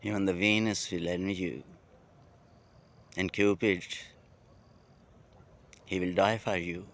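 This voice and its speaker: A man with a Pakistani English accent speaking a heartfelt, poetic monologue outdoors at night, slowly and with pauses. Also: deep voice, steady tone, vocal fry, a bit bright. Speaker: vlogger.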